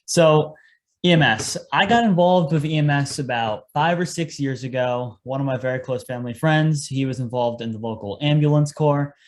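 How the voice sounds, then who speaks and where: A man's voice: mid-range voice, moderate pace. A young man, a paramedic guest on a podcast, telling his work story in an earnest, casual way and acting out his past lines.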